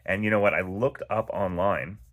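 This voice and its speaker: Low-pitched male host, laid-back storytelling, rambling delivery. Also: moderate pace, a bit bright. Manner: rambling and conversational, with many fillers. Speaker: knife channel host. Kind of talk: casual storytelling while cleaning a knife.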